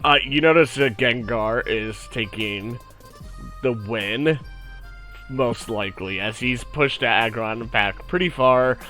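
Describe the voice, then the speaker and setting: A man's voice: medium pitch, slow, sharp tone, soft background music. A man narrating a tabletop game as game master in a casual, laid-back way.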